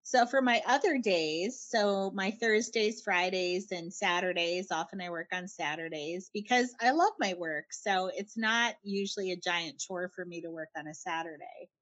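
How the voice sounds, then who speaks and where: A middle-aged woman from Canada, a writer being interviewed, talking in a chatty, animated way with frequent laughs and restarted phrases. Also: fairly low pitch, normal speed, few pauses, highs cut off. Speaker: guest, writer. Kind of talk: conversational interview answers.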